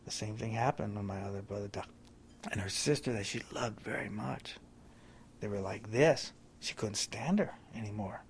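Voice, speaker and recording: An older man telling an emotional story about caring for his mother, animated and acting out the voices he quotes. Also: on the low side, moderate pace, a little hiss or hum. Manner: animated, imitates voices when quoting.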